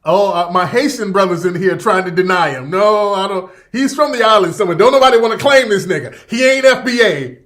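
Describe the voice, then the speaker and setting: A man's voice: high-pitched, animated, brisk, few pauses, a bit bright. A man in a casual livestream rant, emphatic and profane, repeating his points over and over. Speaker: livestream commentator.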